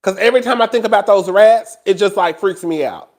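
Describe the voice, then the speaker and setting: A man talks casually to camera as a host. His delivery is animated and gossipy, full of laughter and asides to the listener. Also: high voice, fairly quick. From Houston, Texas. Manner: animated and gossipy, laughs often, addresses listeners as "girl" and "child".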